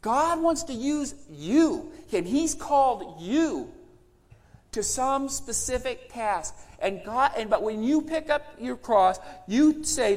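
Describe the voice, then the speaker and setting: A man's voice: very high-pitched, sing-song, unhurried, darkish tone, big-room sound. A man, older, preaching a sermon with emphatic repetition and quoted voices. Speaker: pastor.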